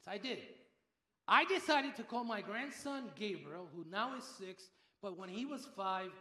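An older man delivers a lively sermon, acting out the people in his stories. His voice sits very high and sounds bright and forceful. The room around him is echoey. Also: a little slow. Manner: animated storyteller, acts out quoted voices. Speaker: pastor.

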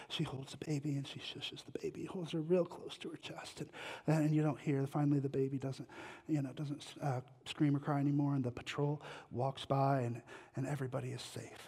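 Fairly quick and warm, with a breathy edge and fairly even intonation, a guest pastor's slightly high voice fills a church sanctuary with long hall reverb. He preaches to the congregation through conversational stories and questions aimed at his listeners.

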